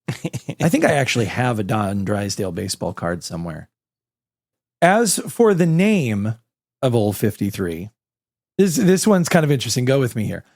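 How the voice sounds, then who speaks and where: A man co-hosting a podcast, sharing film trivia in casual chat with relaxed asides. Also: medium pitch, no room sound, studio quality. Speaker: podcast co-host.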